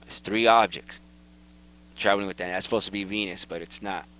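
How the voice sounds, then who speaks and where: A man hosting his own video, casually and excitedly talking viewers through photos and repeating himself as he points things out. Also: low-pitched, a little fast, low-quality recording. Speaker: video host. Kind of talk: casual commentary over photos.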